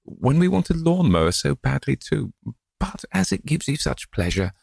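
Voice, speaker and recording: A man voicing a prim elderly wife, high and fussy. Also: very animated, normal speed, gravelly, slightly rough, no room sound, studio quality, full character voice. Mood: fond. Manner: fussy, gently scolding.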